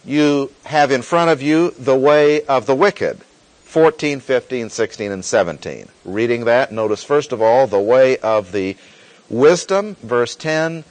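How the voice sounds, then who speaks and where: A male pastor teaching a sermon in a steady, mid-range voice. He walks through the passage point by point, outlining each section methodically. The sound is dry and close, with little room echo. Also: medium pitch, a little slow. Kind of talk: expository Bible teaching.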